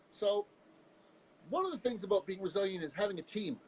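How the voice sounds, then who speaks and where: A man from Canada talks openly in a relaxed interview, telling stories with lively energy. His voice sits fairly high for a man. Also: fairly quick, long pauses, husky, rough recording. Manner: animated, candid storyteller who jumps into voices. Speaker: guest. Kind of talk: casual interview storytelling.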